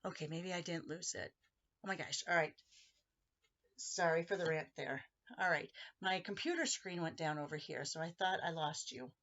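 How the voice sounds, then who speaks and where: A woman's voice: sits low, moderate pace, fairly bright tone, muffled recording. A woman hosting a casual crafting tutorial, chatting as she walks viewers through each step of a handmade card.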